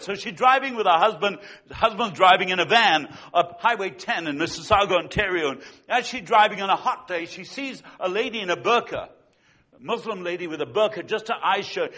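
A man preaching a sermon as a pastor, telling stories with swings between loud and hushed delivery. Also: high voice, expressive, a little fast. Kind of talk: sermon with storytelling.

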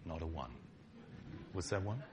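A man's voice: low-pitched, expressive, measured pace. A middle-aged man, preaching a conversational sermon to his congregation, bantering with them and acting out quoted lines. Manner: acts out quoted lines dramatically. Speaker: pastor.

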